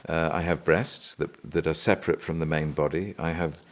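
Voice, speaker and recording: A man, an actor, explaining his character in a behind-the-scenes interview, in a deliberate, demonstrative way. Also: extremely low pitch, steady tone.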